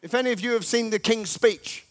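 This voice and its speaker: A man preaching a sermon, exhorting the congregation in emphatic, repetitive bursts that jump from quiet talk to loud rallying cries. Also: very high-pitched, brisk.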